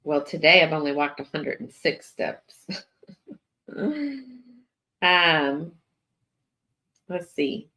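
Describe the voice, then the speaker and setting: A woman's voice: deep voice, bright, forceful tone. A tired woman, chatting casually with viewers as host of her morning livestream. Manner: chatty, drawn-out, lots of fillers and yawning. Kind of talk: casual live chat with viewers.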